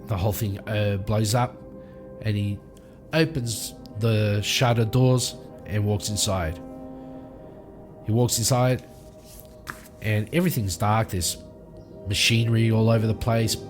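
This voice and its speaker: A man narrates his solo tabletop game at an unhurried pace, telling the story in a lively way and acting out each scene. His voice sits at a middle pitch, and faint music plays underneath.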